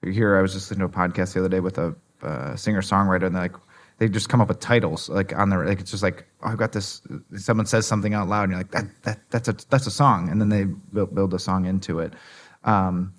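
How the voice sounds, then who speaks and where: A man with a low voice hosts a podcast recorded at a conference. His questions wander, and he restarts often and leans on fillers before he gets to the point. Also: steady tone, fast talker. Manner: rambling, many restarts and "like". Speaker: podcast host. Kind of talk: conversational podcast interview. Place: conference venue.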